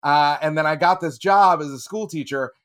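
High-voiced teacher guy in his 40s, laughs at himself while telling a story. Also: normal speed, a bit bright. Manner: laughing, self-mocking. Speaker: school teacher, podcast panelist. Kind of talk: casual storytelling.

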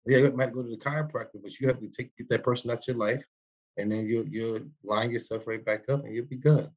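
A man's voice: medium pitch, fairly even intonation, quick pace, highs cut off. A man in his forties co-hosting a podcast in casual chat, rambling and preachy, recorded on a makeshift mic. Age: 40s. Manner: loose, preachy, rambling street talk. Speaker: podcast co-host. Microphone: broken mic, poor substitute.

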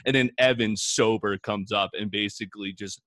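A young man in his twenties casually telling a story to a friend, relaxed, full of fillers and swearing. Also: on the low side, moderate pace, dry recording. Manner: laid-back, swears, lots of "like".

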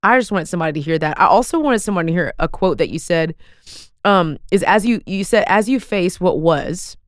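A woman's voice: lowish voice, animated, brisk, dry recording, clean studio sound. A woman, hosting a podcast and talking in an earnest, folksy, emphatic way. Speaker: podcast host. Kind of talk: casual podcast talk.

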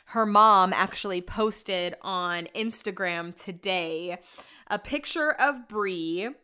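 A woman's voice: medium pitch, slow pace, sharp tone, smooth. A young woman hosting a casual chat podcast, gossipy and chatty, swearing freely. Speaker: podcast host.

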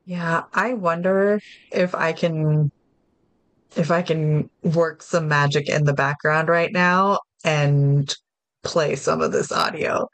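A woman's voice: sits low, steady tone, takes it slowly, no echo. A woman co-hosting a casual podcast chat, talking frankly and unhurriedly about games. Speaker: podcast co-host.

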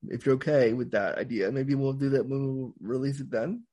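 A man's voice: mid-range voice, fairly even intonation, a little fast, mellow. A man hosting a podcast, chatting casually and in a reassuring, easygoing way with his guest. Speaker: podcast host. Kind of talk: casual interview chat.

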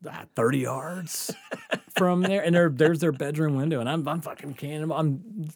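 A man's voice: fairly high pitch, moderate pace, no room sound, studio quality. A man telling a rambling, laugh-filled story as a podcast guest, swearing freely and stumbling over his words. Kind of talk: casual storytelling.

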